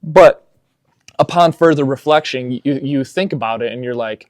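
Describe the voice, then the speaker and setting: A young man coaching on fitness in casual podcast chat, telling stories with animated energy and getting loud when excited. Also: medium pitch, normal speed, no echo, studio quality.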